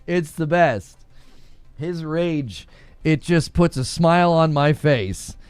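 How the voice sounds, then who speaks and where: A man's voice: a little high, takes it slowly, a little mellow, clean tone, dry recording. A man hosting a gaming podcast in casual chat, rambling with many fillers and laughing easily. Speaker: gaming news podcast host.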